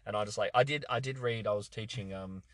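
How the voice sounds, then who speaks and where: A man's voice: lowish voice, fast, a bit bright, dry recording. A young man co-hosting a casual film chat, rambling with plenty of fillers and restarts, from a car parked outside a bar. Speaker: podcast co-host.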